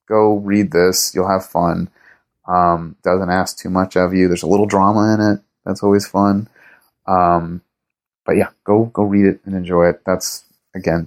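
A man's voice: low voice, a little mellow. A man being interviewed as a writer and producer, chatting casually and enthusiastically, rambling with lots of fillers and restarts. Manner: enthusiastic fan talk.

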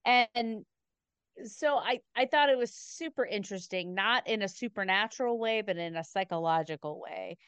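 A woman's voice: medium pitch, moderate pace, a bit bright, clean tone, no room sound. A woman co-hosting a podcast, chatting casually with blunt, sarcastic opinions and heavy swearing. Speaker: podcast co-host. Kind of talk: casual chat.

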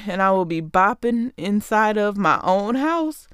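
A woman's voice: mid-range voice, animated, a little slow, hardly any pauses, a bit bright, clean tone, dry recording, clean studio sound. A woman hosting a show, delivering a sarcastic, exasperated comedic rant straight to her listeners. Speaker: podcast host.

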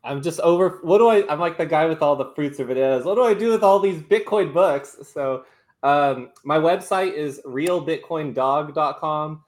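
A man appearing as a guest author on a casual podcast, joking and self-deprecating, halting with fillers. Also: fairly high pitch. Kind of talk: casual interview chat.

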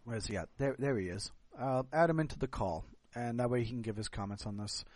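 A man's voice: mid-range voice, a little fast, darkish tone, no echo. A man from the United States hosting a podcast, tipsy and long-winded, rambling in casual chat. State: tipsy from drinking. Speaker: podcast host.

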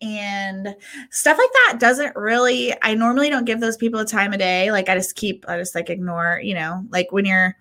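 At normal speed and in a mid-range voice, a woman shares a story as co-host of a podcast. She keeps it casual and animated, swearing freely and playing out the things people said.

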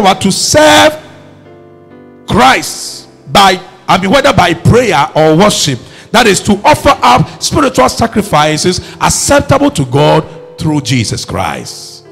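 A man preaching a sermon, emphatic and rising to shouts as he calls on the congregation to respond. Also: high voice, vocal fry, husky.

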